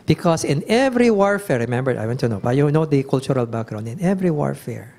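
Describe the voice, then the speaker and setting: A man's voice: mid-range voice, very animated, quick pace, gravelly, a little mellow. A man with a Filipino accent preaching a bible teaching sermon, emphatic and often questioning his listeners. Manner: emphatic, questioning the audience, reads verses aloud. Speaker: pastor.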